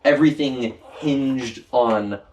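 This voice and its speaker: Man, podcast guest, animated storyteller, frequent restarts, medium pitch, slightly distant mic. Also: a little hiss or hum. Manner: excited, lively, many quick restarts. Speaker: guest Dungeon Master.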